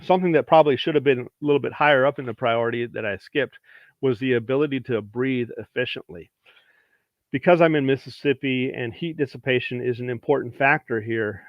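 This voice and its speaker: A plain-spoken, practical man explains dog training matter-of-factly, repeating points for emphasis. His medium-pitched voice sounds dull and lo-fi, recorded dry and close with no room echo.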